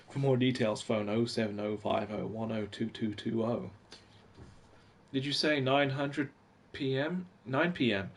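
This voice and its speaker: A man's voice: medium pitch, darkish tone. A man in his forties chatting casually on a live stream from home, reading old magazines aloud and talking to viewers. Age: 40s.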